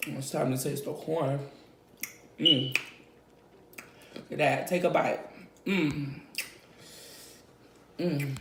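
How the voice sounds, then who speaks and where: A woman's voice: low voice, fairly even intonation, drawn-out words, long pauses, a bit bright. A woman vlogger eating on camera, savoring each bite aloud with frequent hums and thanking her viewers. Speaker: mukbang vlogger. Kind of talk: mukbang eating talk. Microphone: close mic picking up eating sounds. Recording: echoey room, faint noise.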